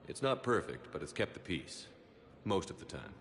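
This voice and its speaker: An actor playing a military commander who talks in a steady, low-key, matter-of-fact way. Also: male voice, normal speed, soft background music. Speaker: player character, military commander.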